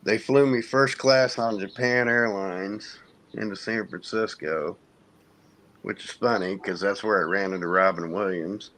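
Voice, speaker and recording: A man in his forties from Indiana, a military veteran telling a long story in a relaxed, profane way to friends in a casual hangout. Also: fairly low pitch, unhurried. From United States (Indiana). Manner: profane, laid-back storyteller who mimics others.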